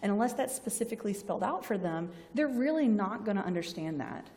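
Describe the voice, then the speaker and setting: This university library presenter speaks to students in a relaxed, conversational lecture, frequently performing little patient-and-doctor exchanges in a Southern US accent. Her mid-range voice is darkish and expressive, and she talks fast. It sounds like a big room.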